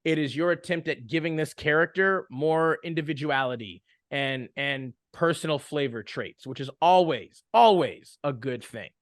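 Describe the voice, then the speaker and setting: A man's voice: a little high, normal speed, few pauses, no room sound, studio quality. A young man co-hosting a casual podcast, giving advice to new game masters in a rambling way, full of fillers and restarts. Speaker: podcast co-host.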